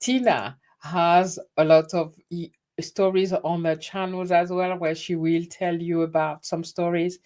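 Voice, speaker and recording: A woman's voice: fairly low pitch, darkish tone. Chatty French-accented woman host. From France. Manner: chatty, greets viewers by name, restarts sentences. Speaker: livestream host. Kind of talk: casual livestream chat. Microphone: webcam livestream setup.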